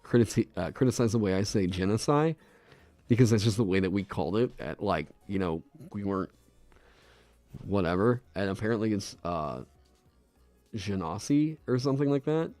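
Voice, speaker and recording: A man's voice: lowish voice, expressive, brisk, warm tone, no room sound, soft background music. A man chatting casually on a live stream into a desk microphone. He rambles, laughs often and swears freely. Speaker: streamer designing a game class.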